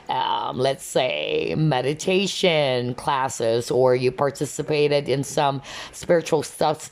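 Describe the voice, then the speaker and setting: A woman with a deep voice and darkish tone gives a tarot reading. She is casual and chatty, frequently checking in with "okay?" and "you know".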